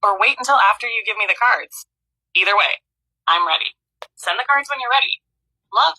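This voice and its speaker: A synthetic woman's voice narrating a dark folk tale at a measured, even pace, husky in tone. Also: mid-range voice, rough recording. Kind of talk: scripted story narration.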